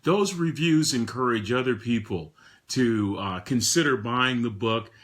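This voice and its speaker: A man in his sixties giving a motivational talk to a live audience, emphatic, with frequent repeated words and swings between soft and loud. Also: mid-range voice, measured pace. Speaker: motivational speaker.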